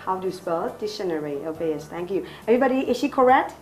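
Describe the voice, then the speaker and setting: A woman's voice: mid-range voice, lively intonation, very fast, a little mellow, soft background music, low-quality recording. A woman with a Burmese accent teaching English to a class, encouraging students and repeating their answers back with many "okay"s. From Myanmar.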